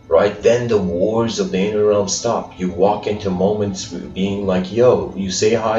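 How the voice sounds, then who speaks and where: A man with a deep, slightly mellow voice gives a casual spiritual lecture, rambling with lots of fillers and laughing often. It's recorded in an echoey room with a distant mic, so the sound is dull, and faint music plays.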